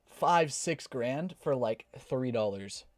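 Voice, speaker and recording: A man's voice: medium pitch, dry recording, studio quality. A young man co-hosting a podcast, chatting casually and telling stories with lots of filler words. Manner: excited, quick storytelling with lots of "bro" and "like". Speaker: podcast co-host. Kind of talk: casual chat.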